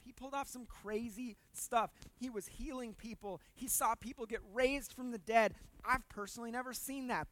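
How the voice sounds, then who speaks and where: A preacher talks to the congregation in a loose, conversational way, cracking jokes and doubling up words to drive a point home. The delivery jumps between loud emphasis and hushed, confiding asides. The voice sits at a middle pitch and sounds close and dry. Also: no echo. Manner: casual and humorous, repeats words when emphasizing. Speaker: pastor. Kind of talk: conversational sermon.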